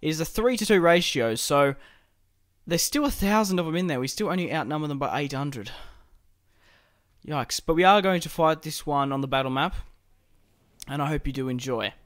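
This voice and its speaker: A man's voice: on the high side, moderate pace, a bit bright. Chatty young man commentating a strategy game. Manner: casual and chatty, swears and laughs while playing. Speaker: gaming channel host. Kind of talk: let's-play commentary.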